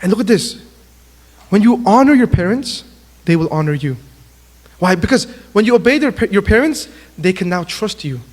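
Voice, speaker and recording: A man with a notably high voice preaches to young people, spinning lively personal stories and acting out quick exchanges as he goes. His voice rings out with a long hall reverb. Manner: animated storytelling, acts out quotes. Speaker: youth speaker.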